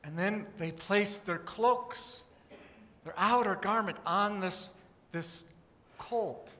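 A pastor preaches with a bright, high-pitched voice. He tells the story in an animated way and acts out the crowd's cries. His voice rings with the long reverb of a church sanctuary. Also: takes it slowly. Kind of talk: sermon storytelling.

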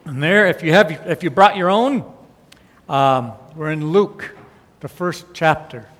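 Pastor guy teaching a bible passage, slow and chatty, keeps saying okay, big echoey church. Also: fairly high pitch, fairly bright tone. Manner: conversational, checks in with "okay?" and "all right?".

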